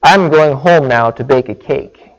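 A man reading aloud and voicing an eager, childlike male toad in a storybook, pleading and excited. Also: medium pitch, unhurried, highs cut off, pitched below the performer's own voice, lightly acted. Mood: glum.

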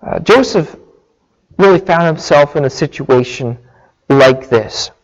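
A man's voice: a little high, lively intonation, unhurried, dull audio. A man preaching a sermon, earnest and illustrative, with small restarts. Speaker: pastor.

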